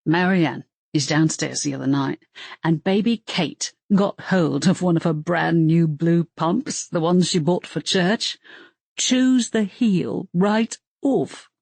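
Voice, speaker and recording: A woman's voice: fairly low pitch, slow pace, creaky, darkish tone, breathy edge, dry recording, full character voice. A woman voicing a cheerful male werewolf family man who rambles on about his kids. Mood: chatty.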